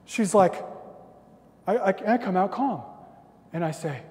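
A man's voice: high voice, lively intonation, unhurried, long pauses, warm tone, a little hiss or hum. A man in his thirties preaches in a slightly raised voice. He is conversational and self-deprecating, and he acts out little stories. His voice rings with the long reverb of a large hall. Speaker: pastor. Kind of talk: sermon.

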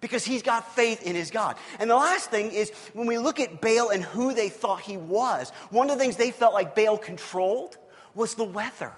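High-voiced animated preacher in a big hall. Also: male voice, normal speed. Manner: animated, jokey storytelling with acted-out quotes. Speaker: pastor. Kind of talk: sermon. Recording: long hall reverb.

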